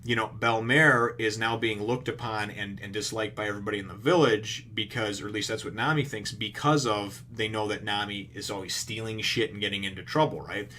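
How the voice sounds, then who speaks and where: A man's voice: on the low side, fairly even intonation, pushed and bright, slight background noise. A man giving a casual, rambling recap of a manga chapter, full of fillers and the odd curse word. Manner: rambling, filler-heavy retelling with casual swearing; acts out characters' lines in quick paraphrase. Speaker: manga reviewer.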